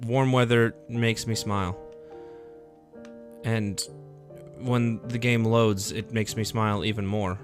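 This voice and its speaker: A man's voice: lowish voice, fairly even intonation, slow. A young man rambling upbeat, casual chat while he streams himself playing a game. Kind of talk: casual live gameplay chat. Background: faint background music.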